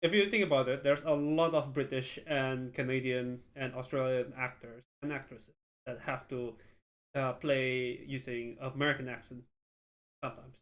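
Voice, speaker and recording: A man's voice: medium pitch, fairly even intonation, moderate pace. A man co-hosting a casual movie podcast, making dry teasing remarks. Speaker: podcast co-host. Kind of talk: casual chat.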